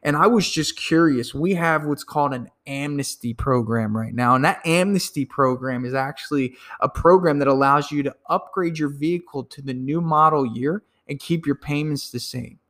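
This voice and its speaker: A sales coach delivers an emphatic training talk in a slightly high voice, quickly acting out phone calls. When he gets excited, he tends to repeat words.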